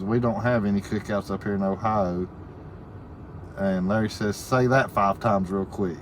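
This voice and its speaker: A man's voice: lowish voice, slight background noise. A man hosting a casual live stream, reading viewer comments aloud and laughing often in a folksy way. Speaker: livestream host reading viewer chat.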